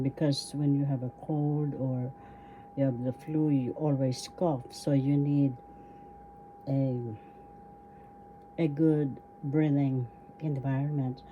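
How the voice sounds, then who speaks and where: A middle-aged woman teaching a language slowly and patiently, breaking words into syllables, her voice still low and husky from a cold. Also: highs cut off, slight background noise. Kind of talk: slow spoken language lesson. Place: at home indoors, diffuser running.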